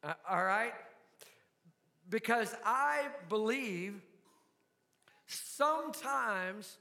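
A man's voice: sits high, lively intonation, extremely slow, creaky, pushed and bright, long reverb tail. An older man with a Southern US accent preaching a sermon, folksy and asking the congregation questions. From American South. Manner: folksy, asks the crowd questions. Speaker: pastor.

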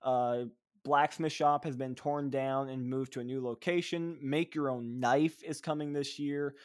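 A man's voice: mid-range voice, steady tone, unhurried, clean tone. Enthusiastic rambling male podcast co-host. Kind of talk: casual chat.

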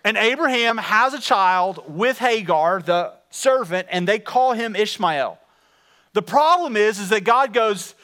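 A man preaching a sermon in a church, animated and conversational as he speaks straight to his congregation. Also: sits high, normal speed, clear, resonant tone. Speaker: pastor.

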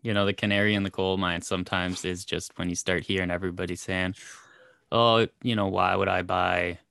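A man from Canada hosting a podcast interview, measured and asking reflective questions. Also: sits low, level tone, gravelly, sharp tone, no room sound. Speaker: podcast host.

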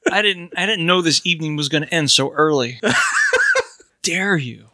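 A man with a high, bright voice chats casually on a podcast, cracking jokes and laughing often. The sound is dry and close, with little room around it. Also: expressive, measured pace, no echo. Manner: jokey, laughs often, wry asides. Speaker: podcast co-host. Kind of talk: casual chat.

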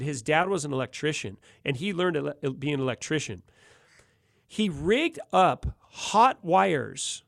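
A man's voice: fairly high pitch, gravelly, no echo, clean studio sound. A middle-aged man telling a wild story in casual, slangy chat, laughing often. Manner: laughs often, animated, slangy ("dude", "gnarly").

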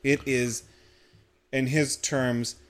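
Man, podcast co-host, casual discussion, thoughtful, explains at length, mid-pitched voice. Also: flat delivery, drawn-out words.

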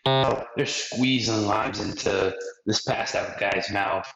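Low-voiced man rambling a casual recap. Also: takes it slowly, vocal fry, a bit bright. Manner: rambling and slangy, acts out quotes. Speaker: podcast host recapping an anime. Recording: roomy, dull lo-fi podcast audio.

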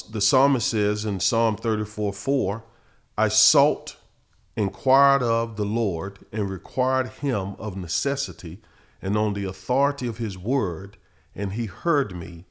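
Pastor guy, lowish voice, chats then gets all preachy reading verses. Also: takes it slowly. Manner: preachy, rises in pitch and force reading scripture. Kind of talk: podcast Bible teaching.

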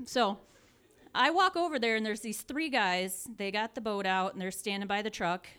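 A woman in her forties telling a funny personal story in a casual, animated way, often laughing and acting out the people in it. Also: mid-range voice, moderate pace, clean tone.

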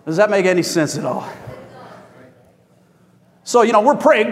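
A man preaching a sermon to his congregation, animated and rising to shouts as he asks for amens. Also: sits high, normal speed, pauses often, in a large hall. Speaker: pastor. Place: church.

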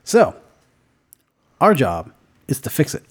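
A man's voice: mid-range voice, huge pitch swings, takes it slowly, husky. A man co-hosting a podcast, casually telling a made-up movie ending, joking and swearing, often laughing mid-sentence. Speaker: podcast co-host.

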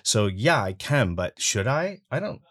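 Sing-song and a bit bright, his mid-range voice runs a little slow. The Canadian voice actor is an interview guest who talks casually, laughing easily and using lots of fillers.

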